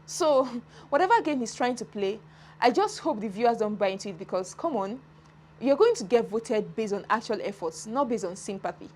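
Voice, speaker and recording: Animated woman commentator. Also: on the high side, moderate pace. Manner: animated, laughing, dramatic retellings. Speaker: entertainment commentator. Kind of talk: casual reality-show commentary.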